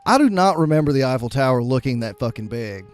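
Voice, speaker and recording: A man's voice: mid-range voice, lively intonation, quick pace, darkish tone, clean tone. Sarcastic man joking over an old movie. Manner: sarcastic, swears freely, mimics the characters in goofy voices. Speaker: co-host. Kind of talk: casual movie commentary. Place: home livestream setup.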